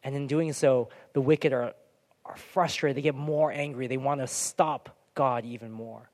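A man preaching a sermon as pastor, lively and animated, dropping to soft, near-whispered prayer lines. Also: medium pitch, unhurried. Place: church hall. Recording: long hall reverb.

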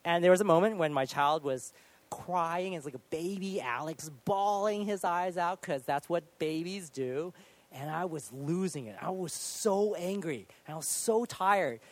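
Animated, higher-voiced man preaching. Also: measured pace. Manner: animated, self-deprecating storytelling with sudden loud acted outbursts. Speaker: pastor. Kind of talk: sermon with personal story.

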